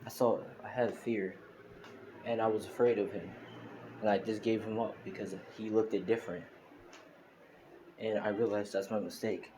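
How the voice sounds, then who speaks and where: A regretful mother stumbling through a confession, full of stops and restarts, as a man reads her part. The voice stays low, and a hiss of noise sits behind a home recording. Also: steady tone, normal speed, pauses often, close to an everyday voice. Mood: remorseful.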